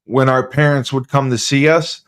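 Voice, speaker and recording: A man's voice: mid-range voice, steady tone, normal speed. A man, a former teammate, chatting casually on a podcast and repeating his points insistently. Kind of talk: casual chat.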